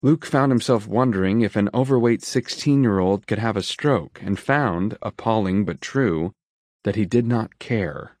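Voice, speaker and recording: Low-voiced male audiobook narrator. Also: unhurried, a little mellow, dry recording, studio quality. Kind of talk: scripted narration.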